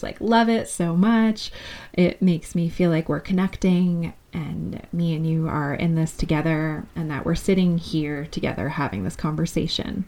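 A woman in her thirties hosts her own podcast on her own, speaking openly and warmly to her listeners. Her voice is mellow and dark in tone, with a gravelly fry running through it. She sits a little lower in pitch than most women. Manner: candid, affectionate, talks straight to listeners. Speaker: podcast host. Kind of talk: solo podcast monologue.

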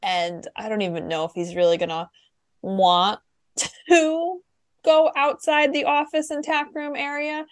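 Female co-host, unhurried chatty delivery, dry recording. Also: sits high, flat delivery, dry recording. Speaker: podcast co-host. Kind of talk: casual chat.

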